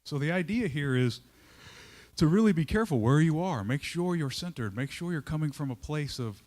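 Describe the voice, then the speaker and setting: A company leader with a voice on the high side tells stories to a live audience at a moderate pace. He keeps it lively and conversational, checking in with the crowd and dramatizing his inner voice.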